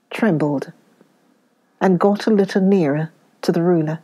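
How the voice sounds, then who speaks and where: Slow, mellow British woman storyteller. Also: medium pitch. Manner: expressive, slows down for emphasis. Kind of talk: dramatic reading of a classic story.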